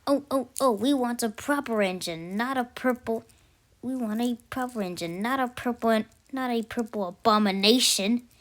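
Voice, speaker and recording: Rude, jeering railway trucks from a storybook, put on by a woman, mocking and repetitive. The voice rides a bit higher and louder than the reader's own. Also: normal speed, natural voice. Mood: sneering.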